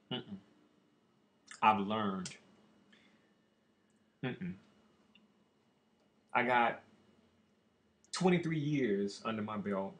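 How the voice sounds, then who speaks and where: A man's voice: on the low side, lively intonation, drawn-out words, long pauses, fairly bright tone. A man hosting a show who rants in a brash, boastful and profane monologue. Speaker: show host. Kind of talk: ranting monologue. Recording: echoey room.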